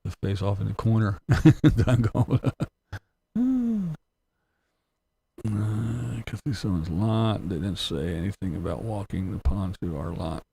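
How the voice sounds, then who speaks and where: A man's voice: on the low side, animated, slow pace, vocal fry, pauses often, warm tone, slight background noise. A man hosting a casual livestream, reading comments aloud and ranting bluntly with profanity and chuckles. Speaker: livestream host.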